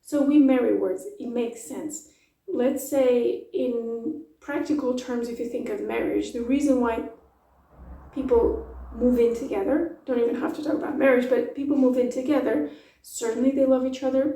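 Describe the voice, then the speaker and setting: Woman teaching with a gravelly voice. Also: a little high, warm tone, echoey room, far from the mic, poor audio. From Portugal. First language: Portuguese. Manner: explanatory, uses metaphors, demonstrates phrases slowly. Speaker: language teacher. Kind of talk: YouTube language lesson.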